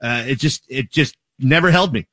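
A man's voice: mid-range voice, moderate pace, a bit bright, no echo. A man in casual podcast banter who jokes and laughs often. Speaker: podcast co-host. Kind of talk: casual chat.

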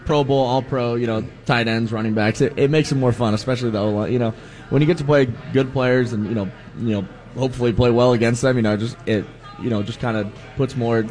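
A man's voice: medium pitch, steady tone, fast, darkish tone, soft background music. A man guesting on a sports radio show as a football player, easygoing with many fillers. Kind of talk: radio interview answers.

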